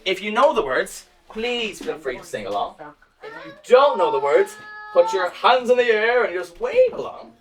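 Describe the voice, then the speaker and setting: A woman telling a story live to children, speaking directly to them in a warm, sing-song way. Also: mid-range voice, sing-song, normal speed, far from the mic. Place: home or school, live performance.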